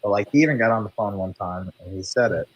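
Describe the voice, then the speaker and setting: A man's voice: lowish voice, fast, breathy edge, no echo, muffled recording. A man in casual conversation who talks loosely, swears, and laughs often. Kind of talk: casual chat.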